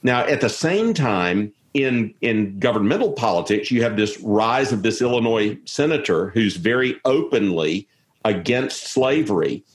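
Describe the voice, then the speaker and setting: A man's voice: fairly low pitch, animated, measured pace. A man, an interview guest talking in a rambling way with many restarts. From South Carolina, US. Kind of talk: conversational interview.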